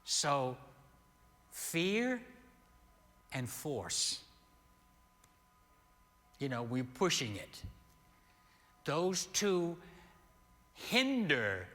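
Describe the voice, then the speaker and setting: Slow, bright-voiced older male preacher. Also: on the high side. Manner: slow, animated storytelling with sudden loud peaks. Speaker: pastor. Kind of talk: sermon storytelling. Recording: long hall reverb.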